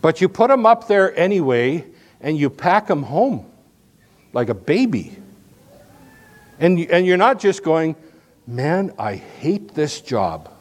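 A male pastor preaching a sermon in an animated, conversational, folksy way, with frequent restarts. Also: high voice, unhurried, long pauses.

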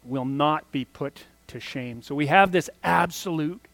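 Male pastor, slightly higher voice, chatty sermon delivery, dry close sound. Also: a little slow, creaky, a bit bright, no room sound. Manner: conversational preaching with asides and restarts.

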